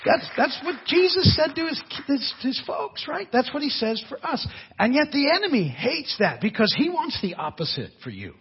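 A man preaching a sermon as a pastor, in an animated, conversational way with asides and laughter. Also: very high-pitched, moderate pace, vocal fry, breathy edge, dull audio, some chatter behind.

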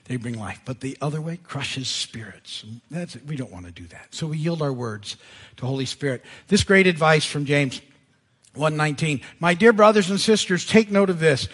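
A male pastor preaching a sermon in a conversational, animated way, laughing at himself as he goes. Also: on the high side, normal speed, breathy edge. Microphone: live sermon mic. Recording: church service audio.

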